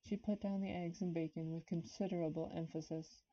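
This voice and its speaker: A woman's voice: on the low side, steady tone, a little fast, warm tone. A woman reading a classic novel aloud on a live stream, a bit nervous, stopping now and then to chat with viewers. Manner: nervous, stops to comment and greet chat viewers. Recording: dull lo-fi stream audio.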